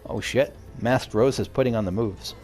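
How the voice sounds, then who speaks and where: A let's play host chats enthusiastically while playing a game, often interrupting himself, with faint game music in the background. His mid-range voice moves at a normal pace and sounds slightly mellow.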